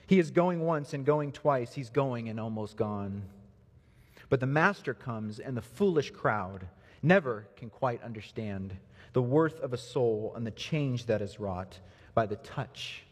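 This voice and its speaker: A man pastor preaching a sermon in a church, earnest, moving from soft low passages to lifted emphasis. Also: measured pace, slightly rough. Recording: reverberant hall.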